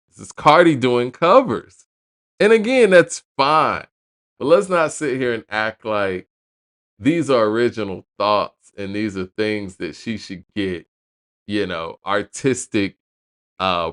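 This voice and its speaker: A man's voice: lowish voice, animated, slow pace, fairly bright tone, no echo, clean studio sound. A man hosting a hip hop news show, reading an album review aloud and breaking off into casual asides.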